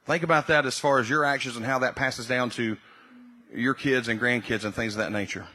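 A male pastor preaching a sermon, repeating key phrases and building to loud, emphatic peaks. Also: mid-range voice, brisk.

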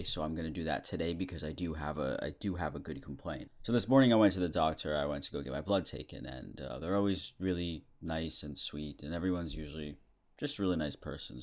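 A young man in his twenties hosting a podcast, rambling through a casual comedic monologue and chuckling often. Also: rumbling low. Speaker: podcast host.

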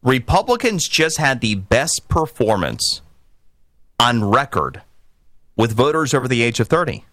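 A man hosting a political call-in radio show, opinionated and emphatic, building to forceful peaks. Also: mid-range voice, sing-song, moderate pace, dry recording, clean studio sound. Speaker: radio talk show host.

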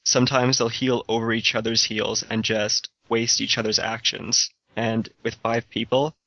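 A man's voice: lowish voice, pushed and bright, no room sound. A young man chatting on a podcast, hesitant and rambling, restarting his thoughts. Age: young adult. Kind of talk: casual chat. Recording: dull lo-fi audio.

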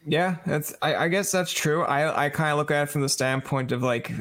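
A man's voice: fairly high pitch, moderate pace. A man hosting a podcast who chats casually and animatedly, acting out the voices of people in his stories. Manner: animated storyteller, acts out quoted voices. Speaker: podcast host.

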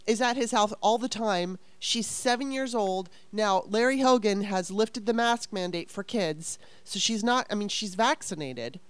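Woman, heated casual chat, exasperated venting, profanity, smooth clear voice, dry close sound. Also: medium pitch, measured pace, hardly any pauses, no room sound.

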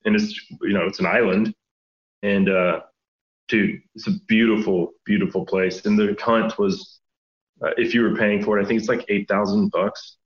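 A man's voice: lowish voice, fairly even intonation, normal speed. A male podcast guest in casual chat, telling stories in a laid-back, easygoing way. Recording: roomy, dull lo-fi sound.

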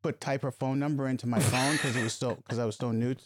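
A middle-aged man telling a story as a podcast guest, halting and repeating words as he goes. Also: mid-range voice, steady tone. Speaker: podcast guest, host's stepfather. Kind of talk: casual storytelling.

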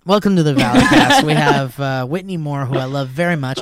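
Man, podcast host, high lively voice, casual chat, dry close sound. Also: brisk, no room sound. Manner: animated, laughing often.

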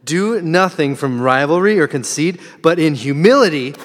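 A man reading a scripture verse aloud in church, measured and deliberate. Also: a little high, expressive. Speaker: scripture reader. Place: church sanctuary. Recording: distant voice with hall reverb.

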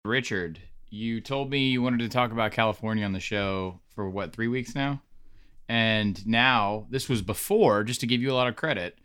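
A man's voice: lowish voice, normal speed, a bit bright, clean tone, no echo, studio quality. A man hosting a casual sports podcast, chatty and rambling with plenty of fillers. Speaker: podcast host.

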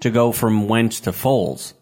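A man on a casual sports podcast, asking relaxed, unhurried questions. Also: on the low side.

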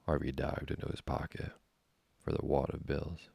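Male narrator, bedtime story reading, calm, husky, gravelly, very deep. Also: moderate pace, dry recording.

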